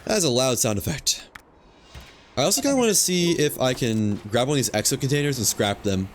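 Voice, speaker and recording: Faint music sits under a man's brisk, mid-range voice as he streams a game. Casually talking himself through the action, he mutters and thinks aloud in a relaxed way, offering offhand commentary on his play.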